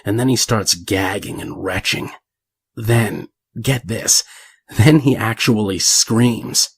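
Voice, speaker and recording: A man's voice: on the low side, slow pace, gravelly, husky, dry recording, full character voice. A man voicing a crude older male convict who tells a gross story with plenty of profanity. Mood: vulgar yarn. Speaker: narrator.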